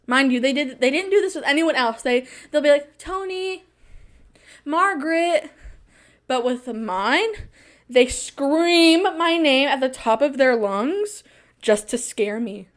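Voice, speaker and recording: A woman's voice: high voice, animated, a little slow. A young woman hosting a podcast, telling a story in a casual monologue, dramatic and laughing often as she repeats phrases for emphasis. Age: young adult. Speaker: podcast host.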